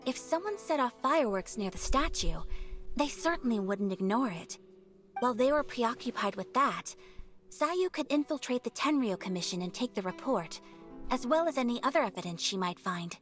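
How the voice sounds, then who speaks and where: Cool calm noble planner in a game, measured, music under it. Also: male voice, extremely high pitch. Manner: measured and composed. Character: calm, calculating noble male strategist.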